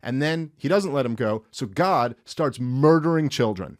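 A man hosting a talk show, casually retelling a story and commenting, swearing often and slipping into quick voices for the characters. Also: medium pitch, no room sound, clean studio sound. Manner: profane, animated, acts out characters in quick voices. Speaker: podcast host. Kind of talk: irreverent comedic retelling and commentary.

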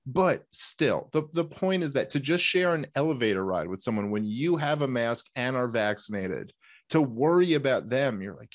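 A man's voice: medium pitch, expressive, moderate pace, no echo, clean studio sound. A man hosting a podcast, talking in a conversational, emphatic way with rambling asides. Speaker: podcast host. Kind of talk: casual interview chat.

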